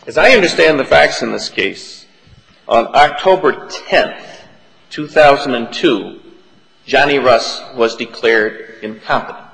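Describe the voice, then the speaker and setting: A man's voice: mid-range voice, unhurried, gravelly, fairly bright tone. A man serving as an appellate judge, methodically probing counsel with questions during oral argument. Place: large courtroom. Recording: reverberant courtroom.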